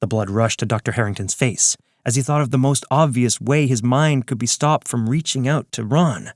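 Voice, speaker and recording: A man's voice: mid-range voice, moderate pace, hardly any pauses, dry recording, studio quality. Man narrating a serial story. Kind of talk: scripted narration.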